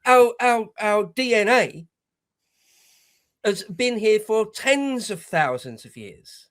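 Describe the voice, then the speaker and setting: A man's voice: sits high, lively intonation, takes it slowly, fairly bright tone. A man co-hosting reaction commentary, talking bluntly and scornfully with lots of swearing. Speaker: co-host.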